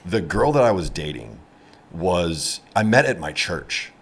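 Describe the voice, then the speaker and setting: A man on a casual podcast as a comedian guest, telling a personal story in a halting way with many fillers and restarts. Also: low voice, very animated, fairly bright tone, husky.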